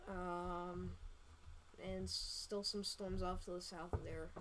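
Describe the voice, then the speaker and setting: A woman hosting a live storm-tracking stream, talking casually over radar with many fillers and quick self-corrections. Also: on the low side, little pitch movement, noisy background. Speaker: storm-tracking livestream host. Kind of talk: live weather radar commentary.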